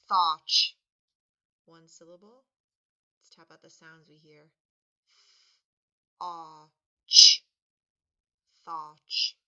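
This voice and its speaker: Woman teacher, slow patient spelling lesson, gravelly edge, dull lo-fi recording. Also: fairly low pitch. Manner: patient, sounds words out and stresses them loudly.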